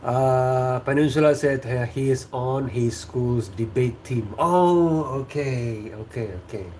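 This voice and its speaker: A man with an Indonesian accent, a native Sundanese speaker, hosting a casual livestream chat, relaxed and chuckling, with many fillers. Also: medium pitch, slow pace, slight background noise. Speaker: host.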